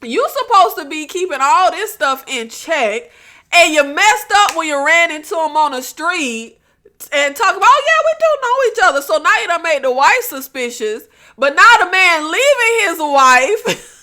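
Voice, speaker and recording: A woman casually recapping a TV episode, animated, laughing often and acting out quotes. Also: high-pitched, unhurried. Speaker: recap vlogger.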